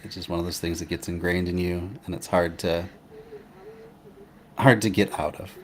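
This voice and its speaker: A man with a very low voice hosts a casual conversation. He talks in a relaxed, hesitant way and often restarts his sentences. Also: normal speed. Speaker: host. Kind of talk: casual chat.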